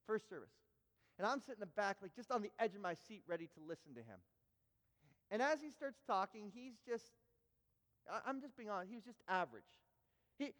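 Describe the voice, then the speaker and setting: A man preaching a sermon in a church, telling an animated story with stammered restarts. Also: high voice, in a large hall. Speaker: pastor. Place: church sanctuary.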